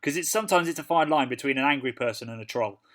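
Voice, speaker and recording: A man co-hosting a casual podcast, telling stories in a relaxed, chatty way and laughing along. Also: mid-range voice, fast talker. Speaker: podcast co-host. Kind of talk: casual chat.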